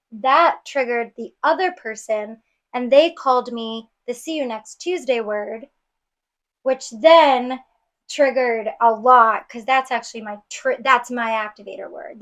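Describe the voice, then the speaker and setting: A woman from New York City, a podcast guest, earnestly retelling a painful personal story with many restarts. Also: a little high. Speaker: guest auditioning as co-host.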